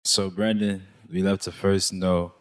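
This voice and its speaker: A man's voice: deep voice, flat delivery, unhurried. A man hosting a casual podcast, asking questions in a laid-back way. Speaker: podcast host.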